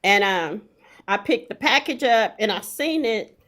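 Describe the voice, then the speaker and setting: A middle-aged woman telling a story in an animated, profane way, full of emphatic repetition. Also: medium pitch, a little slow.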